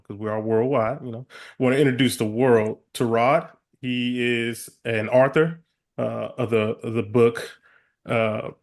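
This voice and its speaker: A mid-pitched man with a Tulsa, Oklahoma accent co-hosts a podcast. He talks in a friendly, rambling way and is quick to laugh. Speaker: podcast co-host. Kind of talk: casual podcast chat.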